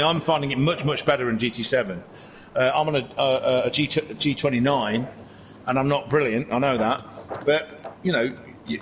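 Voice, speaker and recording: A man's voice: medium pitch, fairly bright tone, slight background noise. A man hosting a racing league stream, chatting casually and restarting his sentences as he interviews people. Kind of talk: casual livestream chat.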